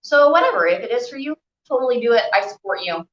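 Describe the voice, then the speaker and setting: A young woman leads a stretching class in a slightly high, expressive, fast and somewhat bright voice, chatty, encouraging and full of fillers. She's a little out of breath as she holds each stretch, and the echoey room gives a dull, lo-fi sound.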